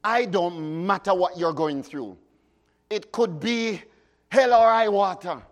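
A man preaching a sermon, chanting hymn lines and swinging between shouts and hushed words. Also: sits high, slow pace. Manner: fervent, rises to sudden shouts and drops to hushes.

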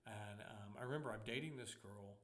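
A man's voice: fairly low pitch, fairly quick. A young adult man, a pastor, preaching a sermon in a conversational way, with humor and personal stories.

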